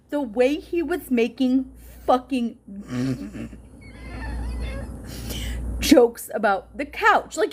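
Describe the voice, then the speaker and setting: A woman vlogger in a casual, profane reaction monologue, often laughing and exasperated. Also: high voice. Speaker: political vlogger.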